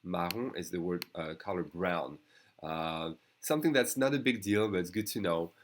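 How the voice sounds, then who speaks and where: A man's voice: low voice, moderate pace. A man with a French accent, a native speaker teaching a beginners' language lesson online, patiently repeating each phrase.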